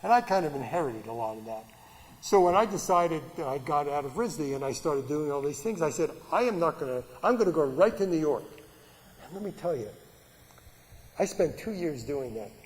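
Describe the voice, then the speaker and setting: Older guy telling stories at a gallery talk, kinda high voice, lots of um and you know, big echoey hall. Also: lively intonation, normal speed. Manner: rambling, many restarts and fillers, laughs often. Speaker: artist giving a talk. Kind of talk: storytelling talk to an audience.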